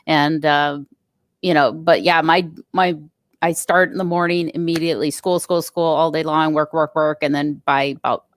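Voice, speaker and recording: A woman's voice: low voice, fairly even intonation, normal speed, no echo, studio quality. A woman chatting casually on a podcast about parenting, friendly and laughing often. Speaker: guest parent.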